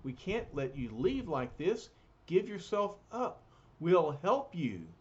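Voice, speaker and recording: A man's voice: fairly high pitch, very animated, slow pace, highs cut off, pitched above the performer's own voice. A man voicing an earnest young male hero from a comic, speaking in a plain, pleading way.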